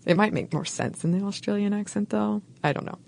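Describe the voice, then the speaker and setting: A woman co-hosting a podcast, narrating a history segment from a script in a wry, playful way with soft laughs. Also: medium pitch, a little fast, creaky. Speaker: podcast co-host.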